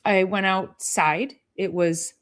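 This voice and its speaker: Woman chiropractor on a live stream, chatty and animated, lots of quick asides. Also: mid-range voice. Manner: animated, chatty, mimics patients with sing-song la-la sounds. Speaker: chiropractor hosting a weekly live health show. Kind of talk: casual live-stream talk.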